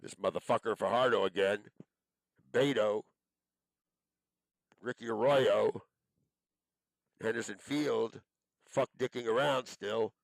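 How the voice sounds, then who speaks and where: A man's voice: fairly low pitch, fairly even intonation, takes it slowly, vocal fry, pauses often, dry recording, low-quality recording. A man delivering an angry, profane monologue, accusing and cursing as he rambles from one charge to the next.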